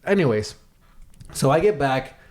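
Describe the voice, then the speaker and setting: A man co-hosting a podcast, telling a story in casual chat, acting out other people's lines with sudden jumps in pitch and lots of swearing. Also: a little slow. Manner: animated, acts out quotes with big pitch jumps, swears a lot. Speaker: podcast co-host.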